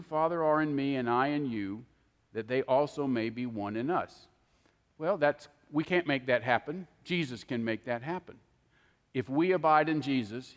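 Male preacher, earnest and emphatic, slightly high voice, long reverb of a hall. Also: a bit bright. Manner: earnest, emphatic teaching with scripture quotes. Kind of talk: sermon.

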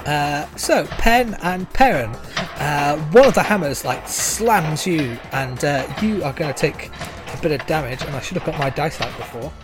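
A man running a tabletop game as game master, describing scenes with many pauses and fillers. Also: fairly high pitch, animated, over music. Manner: hesitant, many uhs while describing scenes.

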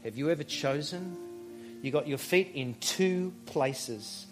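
A man's voice: on the high side, expressive, faint music behind. Conversational male pastor preaching. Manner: conversational, storytelling, with emphatic pauses. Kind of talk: sermon.

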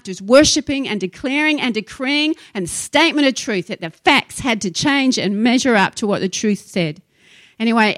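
A woman's voice: a little high, a bit bright, no room sound. A woman pastor preaching a sermon, emphatic and impassioned, telling stories to her congregation.

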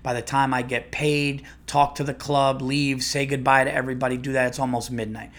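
A man's voice: medium pitch, flat delivery, a little fast, a bit bright. A man, a comedian and podcast host, telling a rambling, profane story with many restarts. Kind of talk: casual storytelling monologue.

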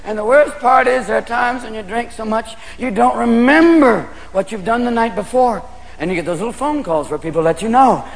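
A man doing an animated stand-up routine on a club stage, slipping into mock voices. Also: high-pitched, brisk. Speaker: stand-up comedian. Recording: echoey hall with loud crowd and noise.

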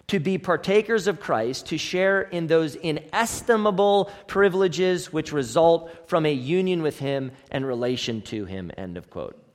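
Male pastor, higher register, earnest sermon delivery with rhetorical questions; long hall reverb. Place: church sanctuary.

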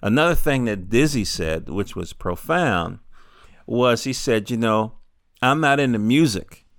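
A man's voice: mid-range voice, expressive, unhurried, a bit bright, dry recording, clean studio sound. A middle-aged man giving a rambling, digressive monologue, full of fillers and casual swearing. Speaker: podcaster. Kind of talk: rambling stream-of-consciousness monologue. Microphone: handheld field recorder.

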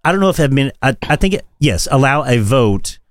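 A man co-hosting a podcast in casual political chat, profane and animated, often laughing. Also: mid-range voice, fairly quick, dry recording. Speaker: podcast co-host.

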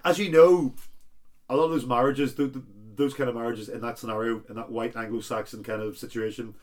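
A man co-hosting a comic chat, telling a long joke in a rambling way with sudden loud bursts. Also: mid-range voice, fairly even intonation, brisk. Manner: rambling storyteller who breaks into loud bursts. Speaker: podcast co-host.

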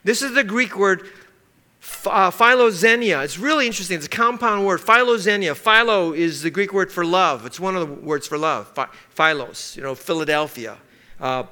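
A man preaching in an easy, conversational way, often checking in with his listeners. His voice sits high for a man and sounds very bright and forceful. He slips into quick little acted-out exchanges to make his point. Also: lively intonation. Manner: conversational, asks the congregation to circle words, acts out little scenes. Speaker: pastor. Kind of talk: sermon.

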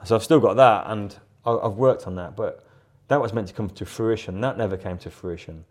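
Give me a middle-aged man with a lowish voice, chatting casually and rambling. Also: a little fast. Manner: rambling, chatty, laughs often, repeats words. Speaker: guest artist. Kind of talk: casual interview chat.

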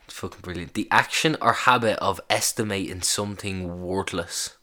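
A man's voice: deep voice, normal speed, pushed and bright. A man hosting a casual solo podcast, reacting aloud with amused swearing as he browses. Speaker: podcast host.

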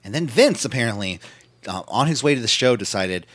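A man's voice: mid-range voice, animated, fairly quick, a bit bright, slightly rough, no room sound. A man co-hosting a casual podcast, recapping wrestling in a loose, profane way and acting out quotes in silly voices. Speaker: podcast co-host.

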